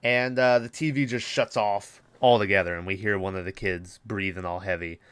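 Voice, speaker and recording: A man's voice: fairly low pitch, steady tone, moderate pace, a bit bright, clean tone. Profane rambling male podcast host. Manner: rambling, profane, many fillers. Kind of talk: casual movie recap.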